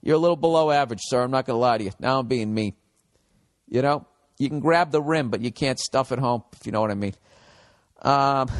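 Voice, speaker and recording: A man's voice: on the high side, vocal fry. A man, hosting a comedy podcast with a profane, sarcastic rant that slips into mocking voices. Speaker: podcast host.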